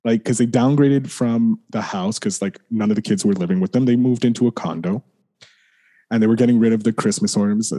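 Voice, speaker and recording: Low, mellow-voiced man telling a personal story. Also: a little fast. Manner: rambling, heavy use of "like", frequent restarts, swears and apologizes. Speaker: podcast guest.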